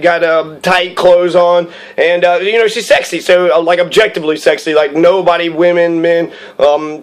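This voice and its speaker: A man's voice: sits high, poor audio. A man talking in a rambling, profane solo monologue, full of fillers and swearing. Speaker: solo speaker.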